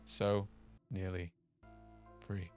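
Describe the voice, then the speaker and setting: A man's voice: level tone, music in the background, lightly acted. A man putting on a menacing disfigured survivor. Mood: dying. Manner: slow, low, ominous delivery. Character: disfigured male test survivor, menacing and cold.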